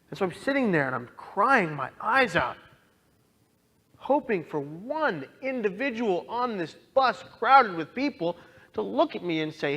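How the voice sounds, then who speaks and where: A man telling his own story as a dramatic testimony, impassioned and pleading, swinging from hushed lines to loud outbursts. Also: sits high, animated, a little slow. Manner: pleading, directly addresses listeners. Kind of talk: dramatic personal testimony talk.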